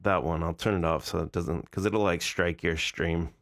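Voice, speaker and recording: A man's voice: low-pitched, fairly even intonation, moderate pace, fairly bright tone, soft background music. A man in his forties streaming live, reacting to videos in casual, incredulous, mocking commentary. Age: 40s.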